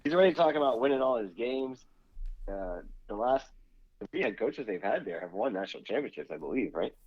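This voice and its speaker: A man's voice: medium pitch, expressive, fairly quick, breathy edge, dry recording, muffled recording. A man co-hosting a casual sports podcast, laughing often as he tells his stories. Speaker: podcast co-host.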